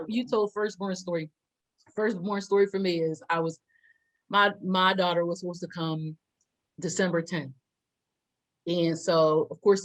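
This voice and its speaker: A young adult woman co-hosting a podcast, telling a story in a lively way and acting out the quotes. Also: low voice, low-quality recording. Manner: animated storyteller, acts out quotes with loud laughs. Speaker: podcast co-host. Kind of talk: casual storytelling chat.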